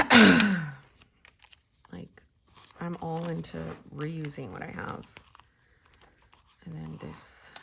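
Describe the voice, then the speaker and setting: Woman, forties, casual planner chat, giggly, low gravelly voice. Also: heavy background noise. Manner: giggly, chatty, often drops to a soft whisper. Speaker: planner vlogger. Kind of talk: casual chat while crafting.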